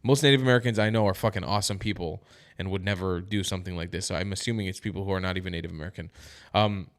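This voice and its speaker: Heated low-voiced man commentator. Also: racing. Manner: heated, emphatic, talks to viewers directly. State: tired, yawning. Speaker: commentary vlogger. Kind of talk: opinionated news commentary.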